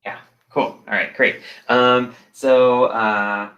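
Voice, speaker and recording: Bright-voiced man teaching with ums. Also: medium pitch, fairly even intonation, slow, muffled recording, a little hiss or hum. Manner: chatty, upbeat, many ums and uhs. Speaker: expressive arts teacher. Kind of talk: casual virtual lesson.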